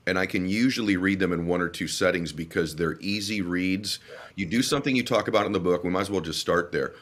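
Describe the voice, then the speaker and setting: A man's voice: low-pitched, a bit bright. A man hosting a podcast, earnest and openly emotional as he introduces and questions his guest. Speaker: podcast host. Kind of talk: conversational interview.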